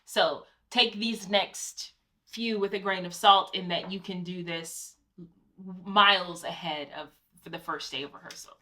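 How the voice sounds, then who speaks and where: Bright-voiced woman co-host chatting. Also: fairly low pitch, fairly even intonation, a little slow. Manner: conversational, advice-giving, personal anecdotes. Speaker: co-host, Broadway actor. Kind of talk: casual chat.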